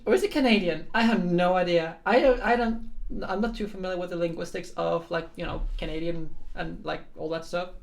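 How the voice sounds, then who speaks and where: A woman's voice: on the low side, creaky. A woman in casual commentary on a game she is playing, rambling with lots of fillers and self-deprecating asides. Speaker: game streamer.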